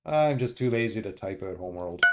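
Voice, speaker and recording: A man streaming a strategy game, muttering his moves to himself and often pausing with uhs. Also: on the low side, expressive, very noisy. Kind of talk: casual let's-play commentary.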